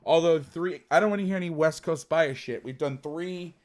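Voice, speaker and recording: A man's voice: on the high side, normal speed. Man casually telling a profane story. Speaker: podcast host and football coach. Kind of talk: casual chat.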